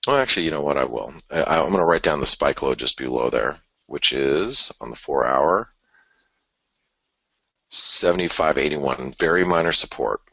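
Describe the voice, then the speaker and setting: Super deep raspy guy going over forex charts live, loose and chatty, dry close mic. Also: normal speed, bright, forceful tone, no room sound. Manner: conversational, thinking aloud with restarts and sighs. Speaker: forex market analyst host. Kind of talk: live trading chart analysis.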